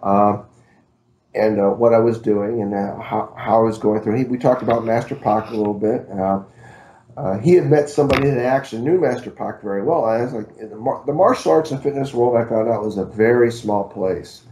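A man's voice: on the low side, brisk, mellow, slight background noise. A middle-aged man, a martial arts instructor, telling a long story in an interview, rambling with fillers and poking fun at himself. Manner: rambling, many fillers and restarts, self-deprecating humor.

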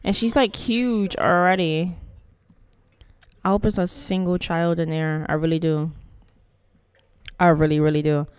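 Woman host, casual gameplay chatter, playful and slangy; smooth voice, dry close mic. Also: on the low side, fairly even intonation, unhurried, pauses often, no echo. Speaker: gaming channel host.

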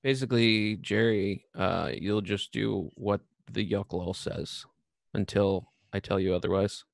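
A man acting as dungeon master, relaxed and chuckling, often pausing on fillers as he explains the rules. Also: lowish voice, vocal fry, no room sound, studio quality. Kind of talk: running a tabletop game.

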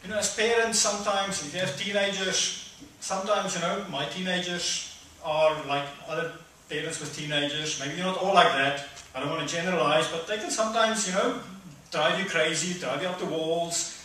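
Middle-aged guy giving a sermon, bright forceful voice, far from the mic in a really echoey hall. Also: steady tone, normal speed, a little hiss or hum. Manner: conversational, acts out voices with sudden loud high bursts. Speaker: preacher. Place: church hall.

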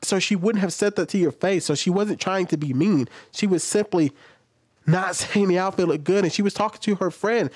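A man giving casual reaction commentary on a clip, animated and laughing, acting out retorts in a lower mock voice. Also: moderate pace, slightly rough.

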